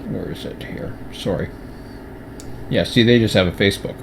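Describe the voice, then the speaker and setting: A man's voice: on the low side, normal speed, creaky, slight background noise. A man chatting casually on a livestream, rambling with many restarts and fillers, at times with his mouth full. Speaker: streamer.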